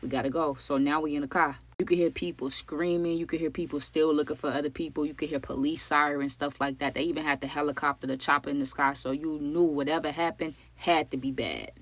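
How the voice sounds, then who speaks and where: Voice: medium pitch, steady tone, fairly quick, hardly any pauses, a bit bright, no room sound. A vlogger telling a true story in casual narration, full of "like" and "you know what I'm saying," talking straight to the viewers. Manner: talks straight to viewers as "y'all".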